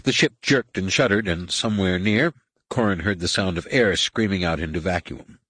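A man narrating an audiobook with an expressive, varied delivery. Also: low-pitched, moderate pace, breathy edge, no room sound. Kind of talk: scripted narration.

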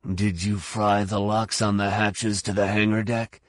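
A man's voice: fairly low pitch, level tone, a little slow, no room sound, clean studio sound, close to an everyday voice. A man voicing a terse, hardened male bounty hunter giving curt commands in an audiobook.

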